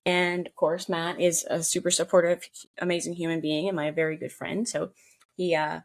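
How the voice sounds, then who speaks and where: A woman's voice: fairly low pitch, little pitch movement, normal speed, vocal fry. A woman co-hosting a podcast, chatting casually and earnestly, often restarting her sentences. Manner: warm, earnest, stumbles and restarts. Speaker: podcast co-host. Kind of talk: casual chat.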